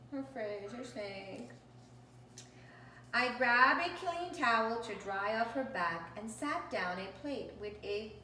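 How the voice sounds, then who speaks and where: A woman reads a picture book aloud in a slow, unhurried way, now and then pausing to talk about the pictures. Her voice is bright and rises and falls a lot. The recording sounds roomy and distant, with faint background noise. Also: a little high. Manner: animated, stops to point out the pictures. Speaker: storybook reader. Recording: echoey room, distant mic.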